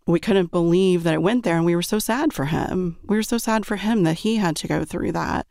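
A woman's voice: on the low side, vocal fry, a little mellow, no room sound, studio quality. A woman, a parent, earnestly telling a personal story and often checking in with "right?". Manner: earnest, reflective, frequent "right?" check-ins.

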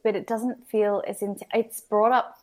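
A woman's voice: mid-range voice, flat delivery, measured pace, darkish tone. A woman talking candidly as a podcast guest, hesitant, with many fillers and restarts. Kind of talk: candid conversational reflection.

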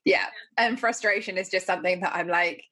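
A woman's voice: lowish voice, brisk, sharp tone. A woman hosting a podcast, talking in a thoughtful, reflective way. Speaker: podcast host. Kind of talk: casual podcast conversation.

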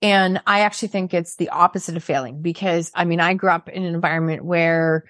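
Reflective low-pitched woman host. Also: fairly even intonation, a little fast, fairly bright tone, no room sound, studio quality. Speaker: podcast host. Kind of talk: conversational interview.

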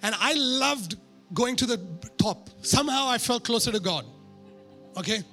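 A man preaching a sermon through a personal story, animated and poking fun at himself. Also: very high-pitched, normal speed, soft background music. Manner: animated, self-mocking humor.

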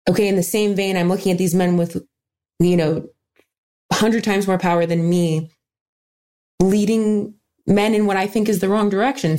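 A woman stand-up comedian talking candidly in an interview, earnest and animated, often laughing and restarting her sentences. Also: lowish voice.

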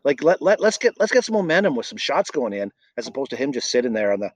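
A man's voice: medium pitch, sing-song, no room sound. A man co-hosting a casual sports podcast, giving opinionated takes. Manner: opinionated, quick agreeing interjections. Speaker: podcast co-host.

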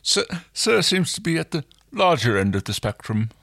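A man's voice: fairly high pitch, big pitch swings, moderate pace, vocal fry, a bit bright, no room sound, clean studio sound, pitched above the performer's own voice, exaggerated voice. A man doing a fussy, fawning little shop assistant. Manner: fussy and overly polite. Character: fawning, nervous small male tailor's assistant. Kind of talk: comic fan fiction reading.

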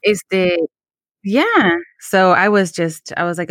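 A woman's voice: on the low side, expressive, takes it slowly, a bit bright, no room sound, clean studio sound. A young adult woman co-hosting a podcast, telling a candid personal story with Spanish phrases and some swearing. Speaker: podcast co-host. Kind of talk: casual chat.

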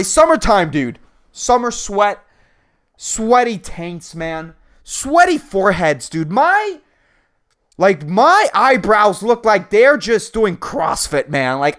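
A man's voice: high voice, a bit bright. A man hosting a solo comedy podcast, ranting in a profane, rambling way and laughing at his own jokes. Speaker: podcast host.

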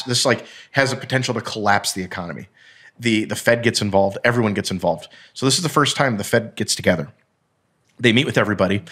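Low-voiced man telling a finance story. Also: fairly bright tone. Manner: rambling storyteller, frequent restarts and swearing. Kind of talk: casual explanatory chat.

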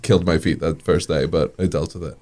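Low-voiced New man telling a story. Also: brisk. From New York area. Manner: lively storyteller, chuckles often, many fillers. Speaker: guest. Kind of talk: casual storytelling.

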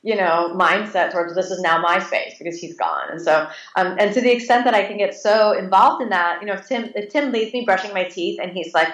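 A woman's voice: medium pitch, brisk, hardly any pauses, fairly bright tone. A woman in her late thirties, an interview guest telling stories casually and animatedly, with many restarts and fillers. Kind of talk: casual conversational storytelling. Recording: echoey room.

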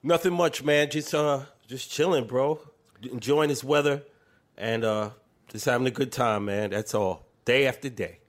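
A man's voice: medium pitch, moderate pace. Laid-back man chiming in on a podcast. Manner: laid-back, short agreeing replies. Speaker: podcast co-host. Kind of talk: casual podcast chat.

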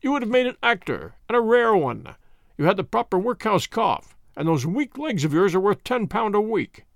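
A man's voice: high voice, very animated, normal speed, no echo, clean studio sound, pitched above the performer's own voice. A man voicing a bluff, hearty police inspector with a blustering manner. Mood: delighted.

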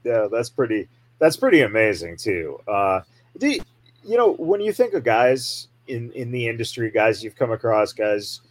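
A man interviewing a guest on a casual podcast, with halting questions full of fillers. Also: mid-range voice, sing-song, rough recording. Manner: halting, with many fillers and restarts.

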